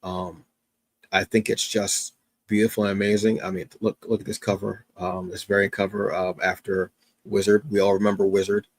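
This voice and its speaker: A man's voice: on the low side, little pitch movement, normal speed. A tired man hosting a comics review stream, talking casually and enthusiastically with lots of fillers and restarts. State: tired, up since early morning. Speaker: comics review show host. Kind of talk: casual solo livestream talk.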